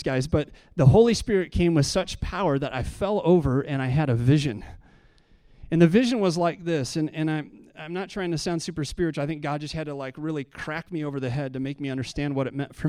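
A pastor preaching a sermon, telling a personal story and building to impassioned preaching. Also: male voice, a little high, a little fast, a little mellow, clear, resonant tone, dry recording, studio quality.

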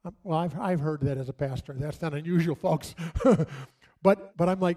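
A middle-aged man preaching a sermon as a pastor, telling stories in a conversational way with dramatic pauses. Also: a little high, mellow.

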